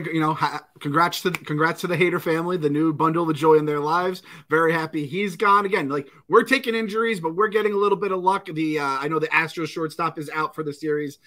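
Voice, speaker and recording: A man's voice: fairly high pitch, pushed and bright. A man co-hosting a podcast, chatting bluntly about baseball and swearing casually. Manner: quick, blunt, profane. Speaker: podcast co-host. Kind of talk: casual sports chat.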